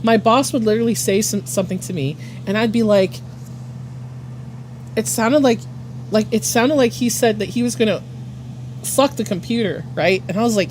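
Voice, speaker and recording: Woman streamer, casual chat, loose and filler-heavy, slightly high voice. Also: moderate pace, pauses often, darkish tone, slight background noise. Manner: rambling, filler-heavy, swears and laughs a lot. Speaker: art streamer.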